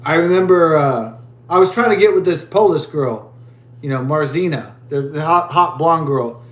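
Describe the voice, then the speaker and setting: A man's voice: fairly high pitch, normal speed, echoey room. A man vlogging as he drinks a beer, telling a rambling story in crude, profane, rambling talk.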